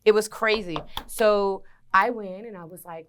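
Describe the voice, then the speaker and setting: Unhurried and mid-range, a woman's voice comes through with a little hiss or hum. She's a radio personality in her forties chatting casually as an interview guest, animatedly acting out the characters in her stories.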